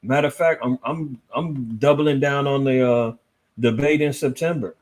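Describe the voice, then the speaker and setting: A man hosting a casual news commentary livestream, reading articles aloud and answering his chat in a lively, swinging voice. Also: moderate pace. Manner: animated, swinging between loud and low, reads articles aloud, talks to chat. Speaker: host.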